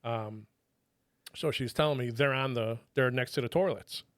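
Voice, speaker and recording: Man, 50s, podcast guest, casual profane storytelling, restarts, mid pitch, dry sound. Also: normal speed, no echo. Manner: colloquial, profane, restarts with laughs. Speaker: podcast guest, retired federal drug agent.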